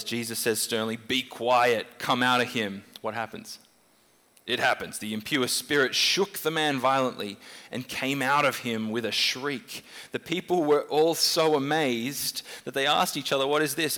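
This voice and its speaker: A man preaching a sermon in a conversational, animated way, jumping up in pitch when he voices questions. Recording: long hall reverb.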